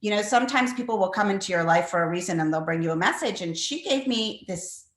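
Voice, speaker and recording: A woman's voice: mid-range voice, animated, fast, a bit bright. Chatty middle-aged woman in echoey room. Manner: rambling, chatty, many fillers. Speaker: cookbook author guest. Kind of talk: conversational interview answers.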